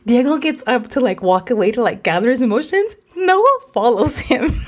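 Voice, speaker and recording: A woman in her forties hosting a podcast, telling a story in a rapid, animated way, dropping Spanish words and swearing freely. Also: on the high side. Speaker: podcast host. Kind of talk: casual storytelling.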